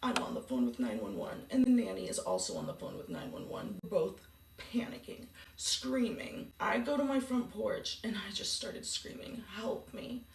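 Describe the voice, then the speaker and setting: A woman's voice: sing-song, moderate pace, darkish tone, a little hiss or hum. A woman vlogger telling a painful personal story in a subdued, grief-stricken way. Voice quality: gravelly low voice. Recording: echoey room from a distance.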